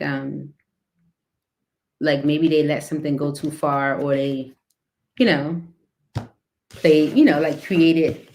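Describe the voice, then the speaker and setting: A woman's voice: sits low, a little hiss or hum. A woman giving a casual tarot reading, talking loosely with lots of fillers and little laughs. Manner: rambling, filler-heavy, laughs between cards. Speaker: tarot reader.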